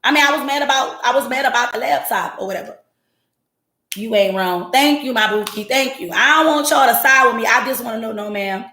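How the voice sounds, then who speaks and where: A slightly high, bright and forceful voice comes fairly quickly from an echoey room. She hosts a podcast on her home livestream setup, speaking directly to her chat and telling her story bluntly, with swearing.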